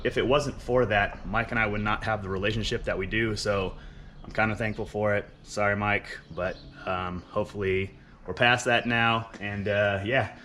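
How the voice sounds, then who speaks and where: A man's voice: fairly low pitch, moderate pace, a little hiss or hum. A young man giving a casual, rambling walkthrough of his engine in his home garage, with plenty of ums. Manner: relaxed, rambling with many ums. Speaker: car builder showing his engine.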